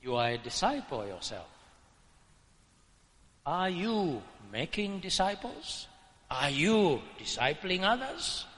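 A man preaching a sermon, building emphatic lists and rising to shouts at the peaks. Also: high voice, big pitch swings, slow, long pauses. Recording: long hall reverb.

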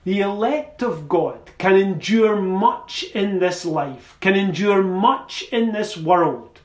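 Slow, high-pitched preacher in an echoey hall. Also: male voice. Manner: slow, measured preaching with rising emphatic phrases. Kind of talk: sermon.

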